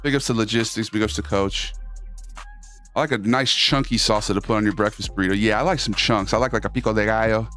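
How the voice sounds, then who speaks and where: A man chatting loosely on his live stream, reading the chat and jumping into quick silly voices. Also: on the low side, a bit bright, soft background music.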